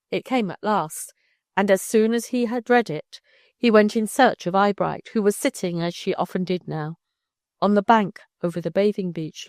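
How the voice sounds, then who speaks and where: A woman narrating a classic novel as an audiobook in a calm, measured reading. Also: medium pitch, no echo, studio quality.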